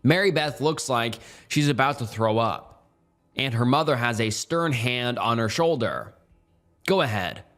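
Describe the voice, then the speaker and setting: A man narrating a horror story in the first person with measured, somber delivery. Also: medium pitch, a bit bright, faint music behind.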